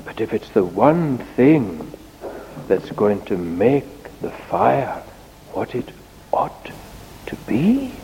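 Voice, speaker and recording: There's a little hiss or hum behind this preacher's children's sermon, and a long reverb makes it sound like a large hall. His gravelly voice sits on the low side, and his manner is sing-song, animated, and unhurried.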